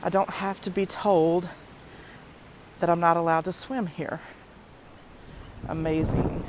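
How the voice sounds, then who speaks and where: A woman with a lowish voice speaks very slowly and effusively, filming herself on a nature walk. She is recorded outdoors on a handheld phone, with faint ambient noise behind her. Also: steady tone. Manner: slow, soft-spoken and effusive. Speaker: vlogger. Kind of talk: casual walking vlog.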